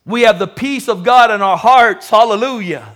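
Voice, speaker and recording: A male pastor preaching with lots of energy, voice pitched very high and bright. He calls out hallelujah between his lines and laughs as he preaches. The delivery is animated and lively. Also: moderate pace. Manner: animated, exclaims hallelujah and man often, laughs while preaching. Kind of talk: lively sermon.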